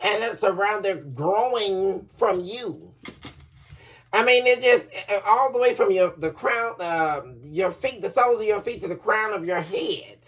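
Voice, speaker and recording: A woman's voice: mid-range voice, lively intonation, measured pace, recorded from a distance. A woman giving a collective tarot reading, chatty and emphatic, laughing often and calling her viewers baby. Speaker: tarot reader.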